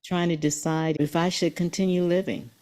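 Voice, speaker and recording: An older woman in her seventies with a very low-pitched voice. She tells her story earnestly and hits key phrases hard, like a motivational guest on an interview show. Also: fairly even intonation, normal speed, dark tone. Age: 70s.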